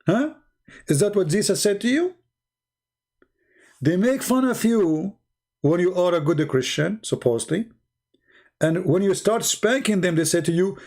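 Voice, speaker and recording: A man's voice: sits high, expressive, measured pace, long pauses, a little mellow. A middle-aged man with an Arabic accent hosts a casual livestream, speaking sarcastic, mocking broken English while losing his voice. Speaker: host answering viewer questions.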